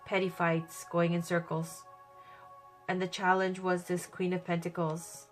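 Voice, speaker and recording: A woman with a cold and a hoarse voice, giving a chatty, upbeat tarot reading. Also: on the low side, little pitch movement, a little slow, faint music behind. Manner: chatty, upbeat, thinks aloud. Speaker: tarot reader.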